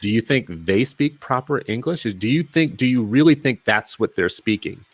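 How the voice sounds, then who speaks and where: A man's voice: mid-range voice, expressive, normal speed. A male podcast host in casual interview conversation, talking emphatically and firing off rhetorical questions.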